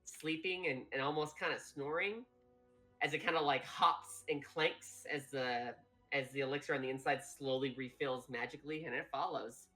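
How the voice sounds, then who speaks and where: A woman's voice: extremely low pitch, moderate pace, a bit bright, soft background music. A woman narrating a tabletop game as game master, loose and rambling. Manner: loose and rambling, many fillers.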